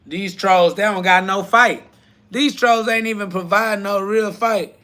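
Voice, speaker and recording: A man's voice: measured pace, pushed and bright. A man hosting a live self-talk podcast, preaching in short repeated slogans and firing back at quoted critics in crude slang. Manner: voice cracks up into high shrieks when heated. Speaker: podcast host.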